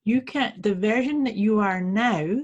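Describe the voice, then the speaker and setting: A woman co-hosting a podcast who coaches clients, explaining her ideas in a calm, reflective way. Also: medium pitch, a little slow, dull audio. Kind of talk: casual conversation.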